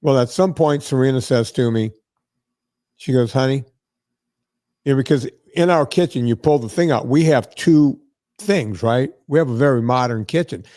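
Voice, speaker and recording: A man's voice: medium pitch, normal speed, darkish tone, no room sound, clean studio sound. A man hosting a podcast, telling a story in a casual, profane, exasperated way. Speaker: podcast host.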